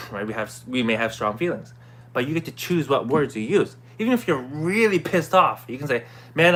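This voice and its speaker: A man casually recapping a self-help course to his viewers, clearing his throat often and checking in with "right?" and "okay?". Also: medium pitch, a bit bright. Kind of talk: casual talking-to-camera recap.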